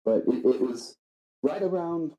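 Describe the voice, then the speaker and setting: A man guesting on a podcast, telling absurd made-up facts in a deadpan, halting way with many fillers. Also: fairly high pitch, dull audio, noisy background. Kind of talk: deadpan comedic podcast chat.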